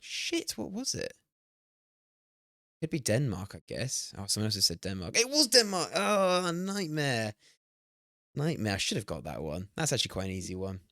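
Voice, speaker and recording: A young man streaming a game, talking excitedly, swearing and laughing at himself. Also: sits low, a little fast, creaky, no echo, clean studio sound. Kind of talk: live-stream gameplay commentary.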